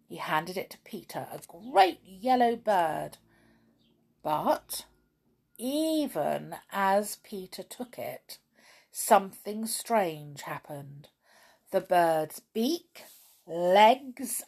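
A woman narrating a children's storybook reading in an expressive storytelling manner. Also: medium pitch, slow pace.

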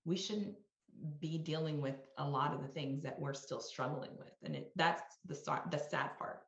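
Low-voiced middle-aged woman in a roomy space. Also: steady tone, moderate pace, gravelly. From New York. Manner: reflective, peppered with "you know" and "right?". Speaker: executive guest. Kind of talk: conversational interview. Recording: roomy, slightly dull sound.

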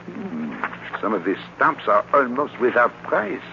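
Hercule Poirot, Belgian-accented, lively. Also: male voice, mid-range voice, measured pace, gravelly, slight background noise. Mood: suave. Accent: French-speaking Belgian. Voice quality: florid, precise, sprinkles French words. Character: fussy, polite male Belgian detective. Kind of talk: 1940s radio drama acting. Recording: dull lo-fi old radio recording.

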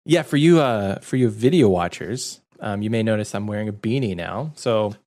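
A man's voice: on the low side, lively intonation, normal speed, darkish tone. A man co-hosting a casual gaming podcast, easygoing and laughing often. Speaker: podcast co-host.

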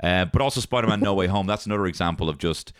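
A man with a very low, deep voice talks films in a loose, animated way, swearing freely and slipping into quoted lines. The recording is dry and close, with no room sound. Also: very fast, clean tone, no echo. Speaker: podcast co-host reviewing films. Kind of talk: casual chat.

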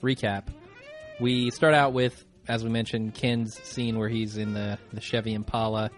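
A man co-hosting a casual podcast, easygoing and quick to laugh as he walks through an episode recap. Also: fairly low pitch, flat delivery, soft background music. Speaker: podcast co-host.

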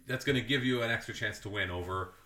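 A lower-pitched man with a bright, forceful tone, rambling through casual sports talk and often correcting himself mid-sentence. His dry humor runs through the chat, and the room around him sounds echoey. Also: quick pace. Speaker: podcast co-host.

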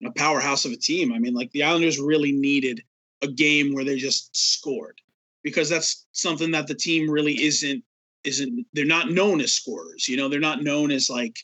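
Male podcast co-host, bright and slightly high voice, rambling self-mocking storyteller. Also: steady tone, moderate pace, low-quality recording. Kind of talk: casual chat.

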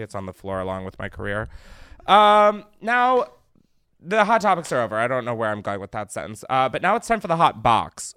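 A man's voice: mid-range voice, fairly bright tone, clear, resonant tone, no echo, studio quality. A young man hosting a casual podcast, rambling and self-deprecating, swearing often. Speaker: podcast host.

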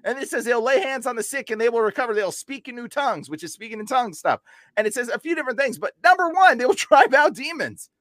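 A young man as a podcast guest, telling an animated story and acting out quotes with sudden jumps in pitch. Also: quick pace, no echo. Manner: excitable, acts out quotes with big pitch jumps. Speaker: podcast guest, deliverance minister. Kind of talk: animated storytelling in casual chat.

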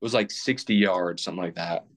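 A man's voice: deep voice, brisk. A young man in his twenties, a podcast guest rambling casually with plenty of fillers and restarts. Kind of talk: casual chat.

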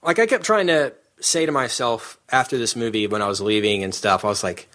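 A man with a bright, forward voice hosting a casual film review podcast. He talks in an animated, opinionated way and often laughs mid-sentence, with casual, rambling delivery. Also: medium pitch, fairly quick. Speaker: podcast host. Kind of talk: casual movie review chat.

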